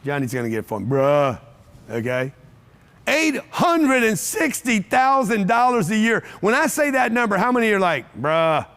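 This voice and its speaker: A man's voice: extremely high pitch, sing-song, moderate pace, a bit bright. A man giving a live motivational seminar talk to an audience, blunt and profane, firing off repeated rhetorical questions. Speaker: motivational speaker. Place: event room with a live audience.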